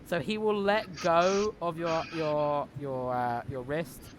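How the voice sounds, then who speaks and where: A man's voice: a little high, fairly even intonation, slow pace, slight background noise. A man narrating as game master in a tabletop game, casual and swearing freely.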